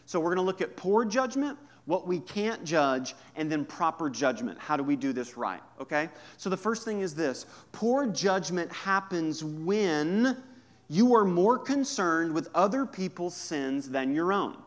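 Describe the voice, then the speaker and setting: Male pastor, mid-high voice, chatty humorous sermon delivery, quiet asides and punchy emphasis. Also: big pitch swings, unhurried. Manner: conversational and humorous, swinging from hushed to emphatic.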